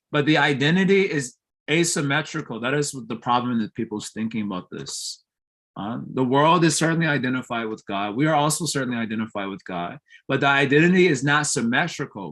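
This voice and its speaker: A man's voice: medium pitch, a bit bright. A man giving a morning scripture class in a temple. He explains with homely comparisons, keeps checking that listeners follow, and laughs easily while telling stories.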